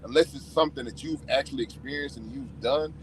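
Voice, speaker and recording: A man who drives his own truck, talking in a casual podcast chat, halting with many restarts. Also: mid-range voice, poor audio. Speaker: owner operator truck driver.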